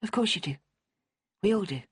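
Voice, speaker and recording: A woman's voice: mid-range voice, lively intonation, normal speed, slightly rough, no room sound, studio quality, pitched above the performer's own voice. Woman voicing a kind, thoughtful florist. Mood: sympathetic. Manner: polite and gently sympathetic.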